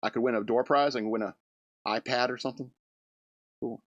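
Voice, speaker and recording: A man's voice: mid-range voice, steady tone, brisk, no room sound, highs cut off. A man hosting a comedy radio show, rambling through a loose monologue with restarts and chuckles.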